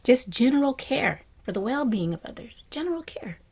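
Woman meditation teacher, gentle and reflective, often hushed to a whisper, lively on happy asides. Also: on the high side, normal speed, gravelly, breathy edge. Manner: animated when voicing happy quotes. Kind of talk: dharma talk to a class.

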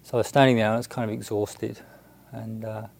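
Man, buddhist monk, gravelly voice, halting storytelling, frequent fillers. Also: on the low side, flat delivery, darkish tone. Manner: halting, hesitant, many restarts and fillers. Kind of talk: storytelling talk.

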